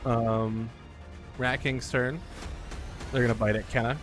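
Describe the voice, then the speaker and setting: A man's voice: medium pitch, a little slow, music in the background. A man running a tabletop game as game master, talking in an enthusiastic way. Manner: enthusiastic, animated.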